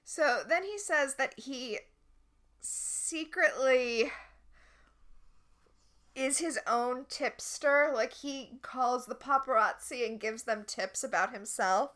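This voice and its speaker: A woman co-hosts a casual podcast, recapping a TV episode. She is chatty and wry, with a bright, slightly high voice. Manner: chatty, wry and quick to critique. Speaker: podcast co-host.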